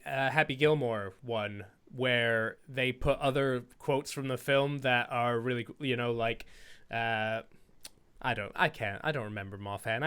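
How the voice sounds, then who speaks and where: A man co-hosting a podcast in casual chat, animated and often laughing as he reads out quiz answers. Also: mid-range voice, smooth. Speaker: podcast co-host.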